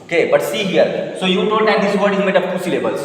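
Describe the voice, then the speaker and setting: A man's voice: sits high, animated, fast talker. A male French teacher quizzing students in class, patient and repeating his points. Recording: echoey room with long reverb.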